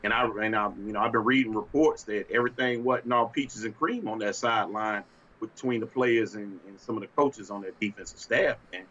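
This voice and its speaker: A man's voice: fairly low pitch, brisk, a bit bright, lo-fi sound. A man co-hosting a casual sports talk show, ranting in a fiery, exasperated way and breaking into laughter. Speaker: podcast co-host.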